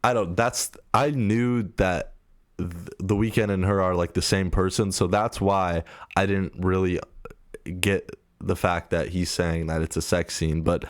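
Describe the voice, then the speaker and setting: Low-voiced hesitant man. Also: steady tone, unhurried, dry recording, studio quality. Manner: hesitant, mild and defensive. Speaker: reaction video host. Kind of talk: casual reaction commentary.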